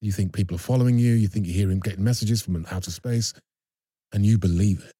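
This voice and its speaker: A man with a very low, dark, husky voice talks through a painful memory. He halts often, repeats words and restarts his sentences. The sound is dry and close. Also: fast, no echo. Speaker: actor guest. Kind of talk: candid personal storytelling.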